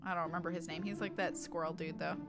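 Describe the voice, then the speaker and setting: A woman's voice: lowish voice, fast talker, music in the background. A woman streamer chatting casually and reading along while she plays a story game. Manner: animated, reads game lines aloud and reacts. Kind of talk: casual gameplay commentary.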